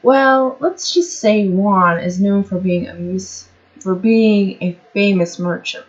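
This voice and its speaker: A woman's voice: mid-range voice, slow, lo-fi sound, natural voice. A woman reading as a fussing, scolding mother. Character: fussy caring mother, middle-aged woman.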